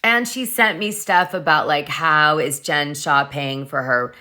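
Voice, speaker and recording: A woman's voice: deep voice, unhurried, bright, forceful tone. A woman hosting a casual gossip vlog, chatty and profane, reading messages aloud as she goes. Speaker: gossip show host.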